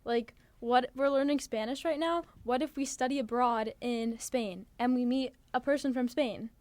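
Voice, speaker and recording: A woman's voice: on the high side, moderate pace, a little mellow, no echo. A teenage girl from New Jersey co-hosting a podcast, chatting earnestly with lots of "like" fillers. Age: teens. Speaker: podcast co-host. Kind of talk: casual chat.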